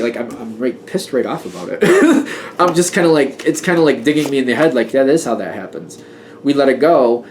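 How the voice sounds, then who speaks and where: A man's voice: mid-range voice, darkish tone, a little hiss or hum. Chatty man giving a tarot reading. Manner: chatty, emphatic, gets worked up and laughs at himself. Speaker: tarot reader. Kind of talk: casual tarot reading monologue.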